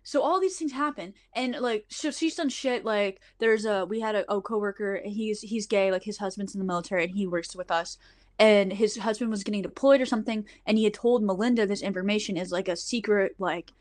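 A woman's voice: medium pitch, brisk. A young adult woman telling a story on a podcast in a casual, profane way, saying "like" often. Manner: chatty, profane, heavy use of "like". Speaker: podcast host.

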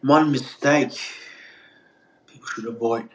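This man from Turkey, a pizza maker whose accent carries a slight Australian tinge, rambles through a casual podcast interview as a guest, full of fillers and restarts and quick to laugh. He speaks slowly in a mid-range, slightly bright voice, and the sound is roomy.

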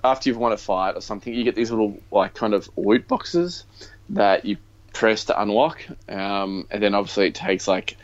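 A man's voice: fairly low pitch, moderate pace. A man co-hosting a podcast, chatting casually about games in a rambling way with lots of ums and likes. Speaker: podcast co-host. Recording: dull lo-fi sound.

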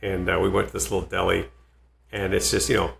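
Gravelly low-ish guy rambling thru stories, bright tense tone, echoey room. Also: flat delivery, fast, a little hiss or hum. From Boston. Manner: rambling anecdotal storytelling. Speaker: comedian guest. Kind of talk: casual podcast interview. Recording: roomy echo.

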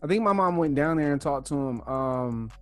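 A young man co-hosting a casual podcast, telling stories with lively acted-out quotes. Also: fairly high pitch, moderate pace, faint music behind. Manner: animated storyteller, acts out quotes loudly. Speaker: podcast co-host. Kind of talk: casual chat, storytelling.

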